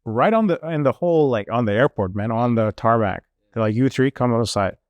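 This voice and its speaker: A young man recounts a trip in easy, animated chat, his voice sitting in a middle register. He stumbles through fillers and slips into quick impressions of the people he met. The sound is dry and close. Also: medium pitch, no room sound, lo-fi sound. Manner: animated, lots of fillers, mimics officials. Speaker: guest telling a travel story. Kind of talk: casual storytelling.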